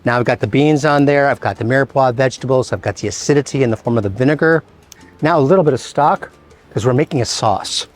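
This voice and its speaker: A man, a chef hosting a cooking demonstration, explaining each step in a relaxed, chatty way with playful asides. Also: mid-range voice, fast, faint music behind. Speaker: chef and show host.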